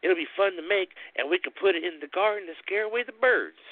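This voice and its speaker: A high-pitched, excitable farmer brother who gets worked up quickly, as a storyteller puts him on. The voice rises well above the narrator's own and comes through a tinny phone-like line. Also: male voice, no echo. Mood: playful.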